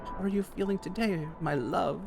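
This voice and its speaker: A man reading a game aloud and voicing a gentle, reassuring mother. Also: sits high, moderate pace, vocal fry, faint music behind, pitched above the performer's own voice. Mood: tender. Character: gentle middle-aged mother, soothing.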